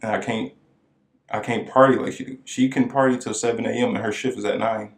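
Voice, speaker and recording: A man co-hosting a podcast, telling a story in casual chat and acting out the people in it. His voice cracks high now and then. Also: a little fast, echoey room. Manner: animated storyteller who acts out quoted voices. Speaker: podcast co-host.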